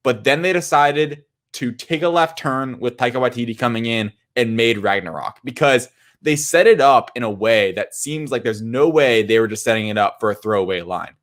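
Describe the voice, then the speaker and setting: A man's voice: mid-range voice, normal speed, a bit bright. A man co-hosting a movie podcast, talking in an opinionated, emphatic way. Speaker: podcast co-host. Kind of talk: casual movie chat.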